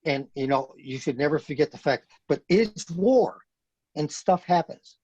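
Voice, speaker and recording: A man's voice: fairly high pitch, lively intonation, measured pace, a little mellow, husky, no room sound, highs cut off. A man in his fifties, a retired Marine, telling a story as a podcast guest in a blunt, earnest way and repeating phrases for emphasis. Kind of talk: casual storytelling in a podcast interview.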